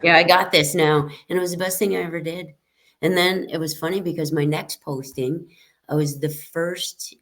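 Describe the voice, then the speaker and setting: A woman in her fifties talks as an interview guest about her service. She tells stories in a lively, rambling way, with plenty of fillers, and acts out what people said. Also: deep voice. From Canada. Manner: lively anecdotal telling with acted-out quotes and many fillers. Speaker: retired military police chief warrant officer, guest. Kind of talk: casual interview storytelling.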